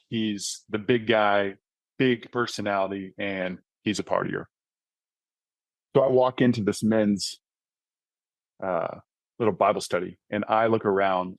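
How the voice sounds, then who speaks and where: This fairly low male voice, recorded without echo, belongs to a thirtysomething author who founded a mentoring ministry. As a guest on a podcast, he shares his faith story sincerely and conversationally, often tossing in "right?" to check in with listeners.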